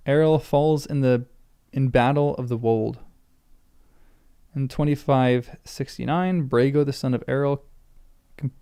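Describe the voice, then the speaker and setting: A man reads a book aloud for the first time, now and then stumbling over a name and pausing to think it through out loud. His voice is smooth and resonant, with a low gravelly edge and a mellow, relaxed tone. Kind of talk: reading aloud with reactions.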